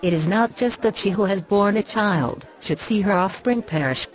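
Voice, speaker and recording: A woman's voice: mid-range voice, normal speed, some chatter behind, lightly acted, rough recording. A woman reading aloud and voicing a grieving widowed mother who pleads desperately.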